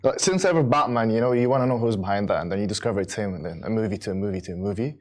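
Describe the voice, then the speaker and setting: A man's voice: fairly low pitch, rapid-fire, a little hiss or hum. A man co-hosting a casual studio chat, a bit nervous, with hesitant speech and frequent stammers and restarts. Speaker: co-host.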